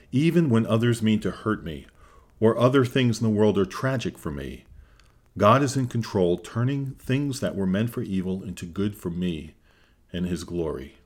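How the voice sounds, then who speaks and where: A man giving a scripted devotional Bible teaching, reading scripture in an earnest, measured way. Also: low voice.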